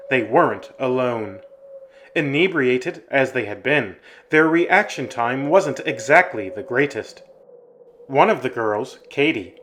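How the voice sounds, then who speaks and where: A man narrating a scripted horror story in a measured, ominous way. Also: medium pitch, a bit bright, slight background noise.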